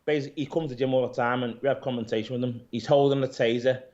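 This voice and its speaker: A man, an interview guest who owns a gym, retelling events in a rambling, animated way, swearing and calling people "mate". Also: medium pitch, rapid-fire. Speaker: interview guest, gym owner and pro bodybuilder. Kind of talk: casual storytelling interview. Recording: dull lo-fi audio.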